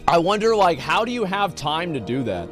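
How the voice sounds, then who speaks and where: A man's voice: on the high side, big pitch swings, moderate pace, music in the background. A male streamer giving live reaction commentary, blunt and profane, who stumbles over and repeats words when worked up. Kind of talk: live reaction commentary, reading posts aloud.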